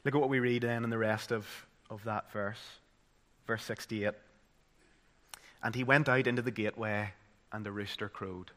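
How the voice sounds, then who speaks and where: A man with a Northern Irish accent delivers a sermon. His voice is bright and forward. He builds to loud, dramatic peaks and then drops to a hushed, solemn hush. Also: fairly low pitch, steady tone, moderate pace, pauses often. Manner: dramatic, swinging from loud emphasis to hushed tones. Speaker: preacher.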